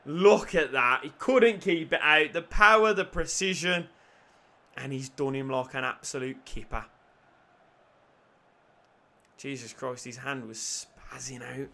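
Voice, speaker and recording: A young man commentating on his football video game, muttering one moment and yelling the next. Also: mid-range voice, measured pace. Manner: swings from hushed muttering to yelling celebrations. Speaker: gaming YouTuber. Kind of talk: excited gameplay commentary.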